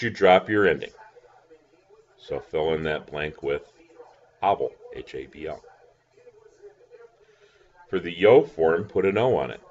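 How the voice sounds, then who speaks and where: A man's voice: low voice, dull audio. A man teaching a recorded lesson, patient, spelling words out letter by letter. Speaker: language teacher.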